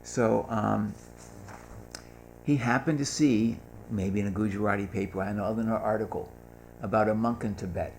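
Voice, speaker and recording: A man's voice: fairly low pitch, steady tone, moderate pace, a little mellow, slight background noise. An older man telling humorous anecdotes at a gathering, acting out the voices of the people he quotes. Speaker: speaker at a gathering. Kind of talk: storytelling talk.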